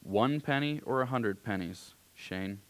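Firm reproachful mother read by a man, low-pitched, dry close sound. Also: measured pace, no echo, natural voice, poor audio. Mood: stern. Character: stern, firm rural mother scolding her son.

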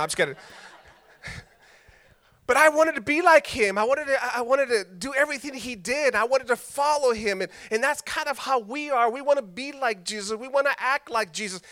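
Man, pastor, sermon, chatty storyteller, high-pitched, forceful tone. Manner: conversational, joking storyteller.

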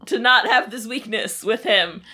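A woman's voice: a little high, unhurried, sharp tone, pitched below the performer's own voice. Woman quoting a whiny beaten young guy.

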